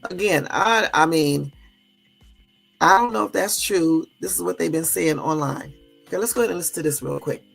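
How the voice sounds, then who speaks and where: A woman hosting a livestream, chatting loosely and pausing over clips she plays. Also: low voice, creaky, soft background music. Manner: chatty, loose, stops and restarts. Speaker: livestream host. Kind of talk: casual commentary over clips.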